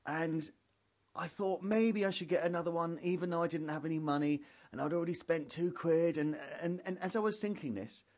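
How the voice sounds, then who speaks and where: A man's voice: a little high, fairly quick, a little mellow. A man telling a rambling, self-mocking comic story on a podcast, acting out little scenes as he goes. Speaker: comedian podcaster.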